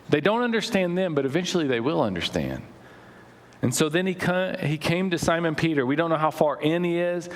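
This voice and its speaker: Conversational pastor preaching in a church hall. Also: male voice, on the high side. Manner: conversational preaching with anecdotes and restarts. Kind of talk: sermon. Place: church sanctuary.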